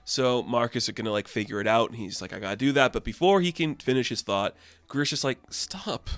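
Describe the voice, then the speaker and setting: A man casually recapping a comic issue in a rambling, excitable way, filling his talk with "like". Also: medium pitch, a little fast, no echo. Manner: rambling, heavy use of "like", excitable. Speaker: comic book reviewer.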